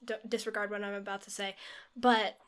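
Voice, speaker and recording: A woman's voice: mid-range voice, flat delivery, a little fast, a bit bright, smooth. A young woman co-hosting a podcast, chatting casually, teasing her co-host and retelling stories with animation. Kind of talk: casual chat.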